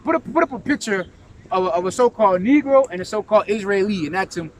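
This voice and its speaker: A man leads a scripture discussion in a forceful preaching manner. He speaks in a fairly high voice and drives his points home, checking in with "right?" over and over. A faint background noise sits under the recording. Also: expressive, fast, poor audio. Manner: emphatic, keeps asking "right?" and saying "man". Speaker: religious teacher.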